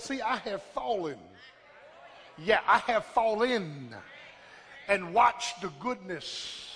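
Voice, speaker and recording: A man preaching a sermon in call-and-response style, repeating lines rhythmically and building to shouts. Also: high voice. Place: church sanctuary. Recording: long hall reverb with congregation.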